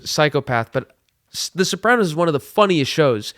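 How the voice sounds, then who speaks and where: Young man from the east coast, podcast guest, fairly high voice, lively chat. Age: young adult. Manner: quick, lively, does voices in anecdotes. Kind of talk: casual chat.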